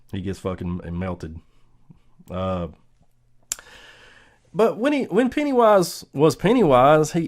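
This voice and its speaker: A man with a lowish voice rants through a casual movie review. He is blunt and profane, mocks the film and laughs often.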